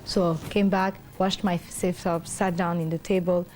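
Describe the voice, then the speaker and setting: Speaking at a measured pace over background noise, this middle-aged woman has a lowish voice. She's an interview guest recounting a personal story in a rambling, filler-heavy way, animatedly voicing the people in it.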